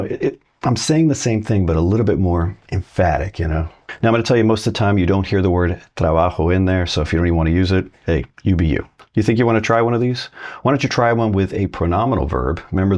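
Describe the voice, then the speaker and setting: Deep-voiced man teaching Spanish. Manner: relaxed, encouraging, slows down for example sentences. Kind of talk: casual video lesson.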